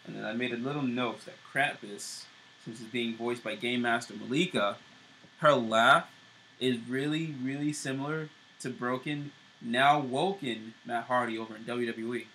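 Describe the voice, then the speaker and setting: A man's voice: medium pitch, steady tone, normal speed, bright, forceful tone, a little hiss or hum, poor audio. A man co-hosting a show, casually recapping TV episodes with loose fillers and restarts. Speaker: show co-host.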